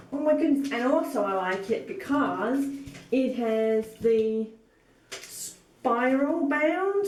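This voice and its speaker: A woman's voice: a little high, a little mellow, recorded from a distance, a little hiss or hum. A woman sewing vlogger opening gifts on camera, gushing and full of exclamations. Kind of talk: casual vlog, opening gifts. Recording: echoey room, mic set back.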